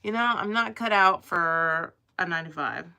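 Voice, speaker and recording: A woman's voice: fairly low pitch, moderate pace, vocal fry, pushed and bright. A young woman with a Southern accent, chatting casually on a livestream in a rambling, playful drawl. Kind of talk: casual chat with live chat.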